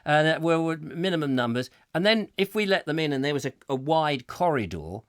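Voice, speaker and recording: Lively, animated male chat show host. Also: on the high side, brisk, clean tone, no room sound, clean studio sound. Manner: lively storytelling, acting out voices with laughs. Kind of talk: comic live chat show.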